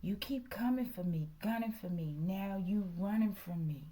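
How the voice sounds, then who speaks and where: A woman's voice: mid-range voice, expressive, moderate pace, dark tone. Chatty tarot-reading woman, half-whispering. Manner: chatty, slips into whispers, says "okay" constantly. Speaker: tarot reader.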